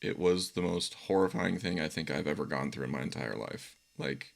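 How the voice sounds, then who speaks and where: A man hosting a call-in conversation, talking reflectively and with empathy, with soft laughs now and then. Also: low-pitched, normal speed, vocal fry.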